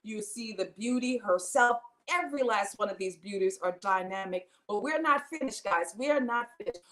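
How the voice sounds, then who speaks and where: A woman's voice: mid-range voice, animated, normal speed, fairly bright tone. A woman hosting an online show, introducing guests with enthusiasm and cheers. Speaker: host.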